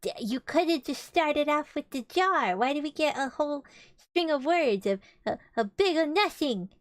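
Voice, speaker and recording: A woman's voice: sits high, expressive, normal speed, no echo, studio quality. A young woman streamer reading a storybook aloud with casual, chatty and giggly asides between passages.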